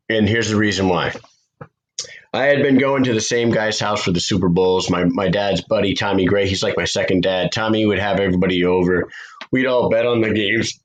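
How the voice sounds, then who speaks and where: A man hosting a podcast, chatting casually and telling a profane, animated story. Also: fairly low pitch, poor audio. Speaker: podcast host.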